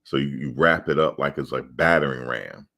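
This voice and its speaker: Very deep-voiced middle-aged man, loud, profane, animated storyteller, casual sports chat. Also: normal speed, creaky. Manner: loud, emphatic, profane, acts out quoted exchanges. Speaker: sports show host.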